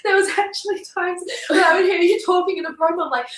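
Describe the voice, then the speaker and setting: A woman chatting casually as a guest, giggly and quick to apologize or poke fun at herself. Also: very high voice, fairly even intonation, a bit bright, far from the mic. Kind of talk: casual chat. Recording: roomy, off-mic.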